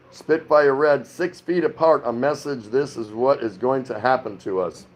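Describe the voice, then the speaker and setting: Easygoing middle-aged American livestream host. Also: male voice, mid-range voice, measured pace, few pauses. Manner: rambling, reads viewer comments aloud and chats back. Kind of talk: casual livestream chat. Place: home in the Philippines.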